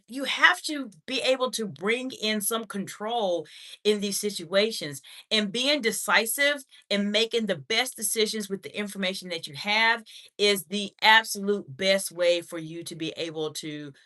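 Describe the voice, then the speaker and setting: Bright-voiced woman coaching on a livestream. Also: medium pitch, unhurried. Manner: direct, encouraging, reads out comments and answers them. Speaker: leadership communication coach hosting a live Q&A. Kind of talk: live-stream chat reading viewer comments.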